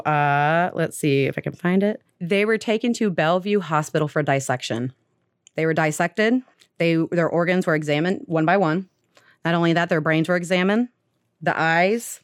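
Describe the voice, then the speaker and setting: Young woman, pretty low voice, chatty storytelling, lots of "like", dry close sound. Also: smooth, no echo. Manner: retells a story with lots of "like" and acted quotes. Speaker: podcast storyteller. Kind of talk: casual storytelling chat.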